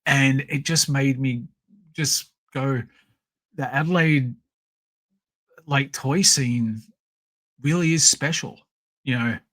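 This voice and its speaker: An Australian man hosting a podcast, chatting casually on a live stream and telling stories in a rambling, animated way full of fillers. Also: medium pitch, takes it slowly, pauses often, no room sound. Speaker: podcast host.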